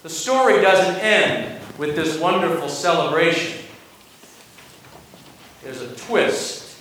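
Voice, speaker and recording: Preacher guy telling a story, slow and bright, far from the mic in a big echoey church. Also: on the high side, lively intonation, slight background noise. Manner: storytelling, dramatic asides. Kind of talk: sermon.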